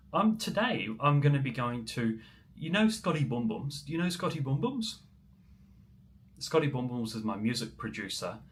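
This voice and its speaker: A man's voice: mid-range voice, a little hiss or hum. Chatty New man livestreaming. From New Zealand. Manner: chatty, answers viewer comments, many ums. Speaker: musician livestreamer. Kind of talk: casual livestream chat.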